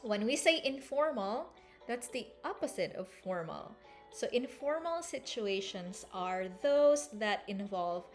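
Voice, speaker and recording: A woman teaching an English lesson at a slow, careful pace. Her voice sits a little high. She explains and repeats phrases to demonstrate intonation, with faint music behind her. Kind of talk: language lesson.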